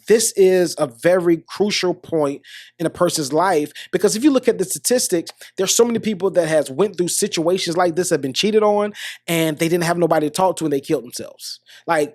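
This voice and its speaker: A middle-aged man hosts a podcast, delivering an earnest motivational monologue with advice aimed straight at listeners and often restarting his sentences. His voice is high, and the studio-quality recording is dry.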